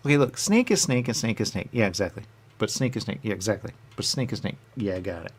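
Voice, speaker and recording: A man rambling in a goofy comic back-and-forth with himself, answering his own questions and dropping into hushed asides. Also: lowish voice, breathy edge. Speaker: radio show personality.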